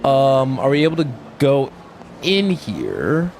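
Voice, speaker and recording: A male gamer talks through his playthrough in a relaxed, chatty way. His voice bounces up and down a lot, and he stumbles and restarts his words as he goes. Soft music sits quietly under him. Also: medium pitch, slow pace. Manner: stammering, reads dialogue aloud in voices. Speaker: let's play gamer. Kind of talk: casual gameplay commentary.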